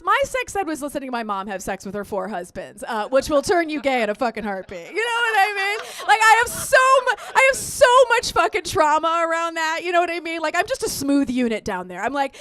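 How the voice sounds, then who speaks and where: Animated high-pitched woman doing stand-up. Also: fairly quick, hardly any pauses, dry recording. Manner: animated, chatty, crude storytelling with frequent "right?" and "you know what I mean?". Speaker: stand-up comedian. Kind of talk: stand-up comedy set. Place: live comedy show at a resort.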